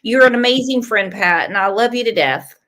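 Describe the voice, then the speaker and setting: A woman's voice: fairly high pitch, a little fast, a bit bright. A woman with an American accent hosting a casual panel chat on a true crime channel, chatty and emphatic, cursing freely.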